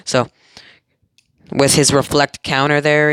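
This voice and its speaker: A man's voice: mid-range voice, moderate pace, smooth, dry recording, studio quality. Rambling young guy retelling a cartoon. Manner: rambling, self-correcting, excitable. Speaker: fan storyteller. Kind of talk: casual retelling of an anime.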